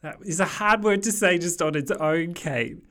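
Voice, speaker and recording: A podcast co-host in casual chat, laid-back and quick to laugh. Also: mid-range voice, a bit bright.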